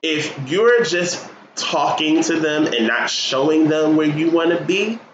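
A man co-hosting a podcast, telling stories in an animated, profane, casual way. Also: on the high side, measured pace. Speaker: podcast co-host. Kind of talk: casual chat. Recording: roomy, dull, noisy room sound.

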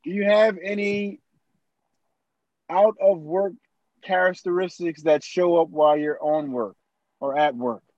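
Playful podcast host man, slightly high voice. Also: fairly even intonation, unhurried, pauses often, darkish tone, dry recording, dull audio. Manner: playful, teasing, pushes his guests. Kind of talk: casual podcast chat.

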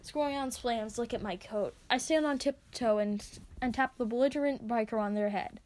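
A woman reading her own story aloud, expressive as she narrates. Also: fairly high pitch, normal speed. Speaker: reader.

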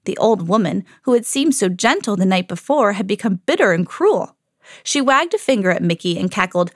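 A woman hosting a children's podcast, reading a storybook aloud in an expressive storytelling manner. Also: mid-range voice, normal speed, no room sound, studio quality.

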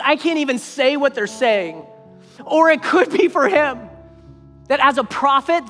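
Preacher, high voice, emphatic sermon delivery, long hall reverb, faint music underneath. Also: a bit bright. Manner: emphatic, repeats phrases for weight.

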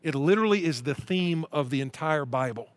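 A man's voice: a little high, animated, clean tone, no echo. Earnest preaching man, dry close sound. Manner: earnest preaching, slows down to read scripture aloud. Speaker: pastor. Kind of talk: sermon. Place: church at-home broadcast.

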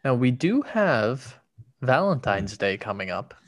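A man co-hosting a podcast, chatting in a relaxed, agreeable way. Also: medium pitch, measured pace, no room sound. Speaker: podcast co-host. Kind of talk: casual chat.

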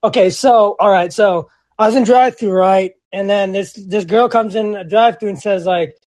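A young man co-hosting a casual podcast, telling stories in an excitable, rambling way full of slang and restarts. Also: sits high, normal speed, no room sound. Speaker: podcast co-host. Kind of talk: casual chat.

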